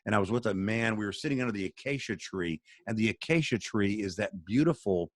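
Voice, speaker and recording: Male charity spokesman, earnest and sermon-like, lower voice, dry video-call sound. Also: expressive, a little fast, no echo. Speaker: charity spokesman, radio guest.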